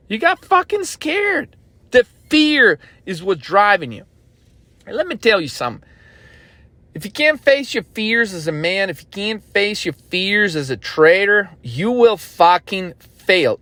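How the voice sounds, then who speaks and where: A man's voice: high-pitched, sharp tone, no room sound. A man working as a trading coach, lecturing aggressively in a profane motivational rant.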